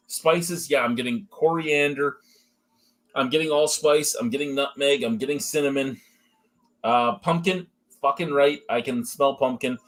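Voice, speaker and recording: A man's voice: medium pitch, a bit bright. Profane, chatty beer-review host man. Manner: profane, joking, chatty running commentary. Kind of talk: casual beer tasting review.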